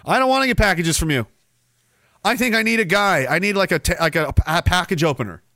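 A male podcast host rants loosely and sarcastically, swearing freely as he drifts from one tangent to the next. His voice sits a little high and sounds bright and sharp-edged. The recording is dry and close, with no room sound around him. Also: animated, fast, no room sound. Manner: profane, sarcastic, goes off on tangents. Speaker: podcast host reading chat messages. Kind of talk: casual ranting livestream talk.

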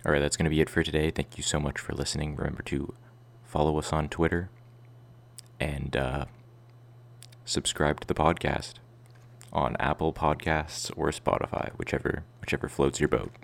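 A man's voice: extremely low pitch, level tone, moderate pace, vocal fry. A young man hosting a podcast, chatting casually, laid-back, laughing often and swearing freely. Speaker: podcast host.

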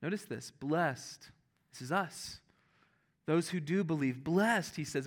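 A man preaching a sermon, animated and earnest, dropping to soft hushed tones when quoting scripture. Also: on the high side, slow pace. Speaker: pastor.

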